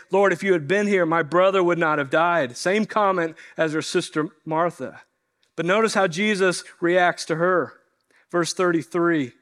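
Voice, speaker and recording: A man preaching a sermon to his congregation, earnest and slowing to stress key lines. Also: sits high. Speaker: pastor.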